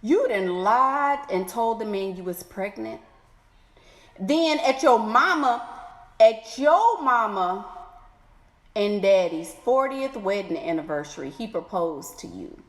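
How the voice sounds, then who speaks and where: A woman's voice: mid-range voice, lively intonation. Sassy woman in an echoey room. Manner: sassy, exclaiming, playful drawn-out asides. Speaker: advice vlogger reading letters. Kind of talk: animated advice commentary. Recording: echoey room with long reverb.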